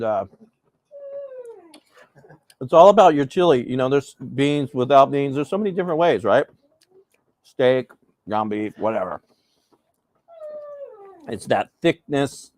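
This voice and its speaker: A man casually chatting while hosting a live breakfast cooking stream, rambling and relaxed with plenty of fillers. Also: mid-range voice, no room sound. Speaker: host.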